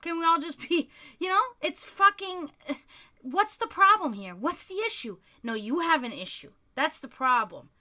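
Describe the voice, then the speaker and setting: European woman on a livestream, high voice, fast heated swearing rant. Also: animated, sharp tone. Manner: profane, heated, fast ranting. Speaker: livestream host.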